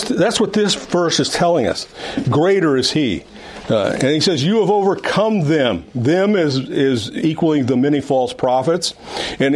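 A man's voice: medium pitch, darkish tone. A man teaching an adult Sunday school class, reading scripture and explaining it with emphatic repetition and frequent restarts. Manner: emphatic, repeats words and restarts often. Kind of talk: Bible teaching.

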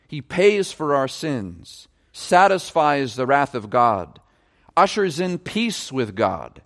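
A man preaching a sermon, emphatic and stressing key words as he explains a passage. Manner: emphatic, varies pitch widely for stress. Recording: long reverb of a large hall.

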